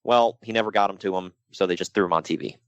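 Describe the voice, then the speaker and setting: Low-pitched and smooth, this man talks at a quick pace in a dry, lo-fi recording. He co-hosts a laid-back wrestling podcast, staying jokey and animated and dropping into mock voices.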